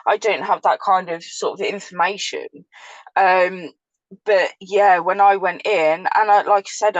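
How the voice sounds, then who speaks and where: A woman's voice: lowish voice, no room sound, muffled recording. An English woman, a former prisoner, telling her story in casual chat, blunt and vivid, swearing freely. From England.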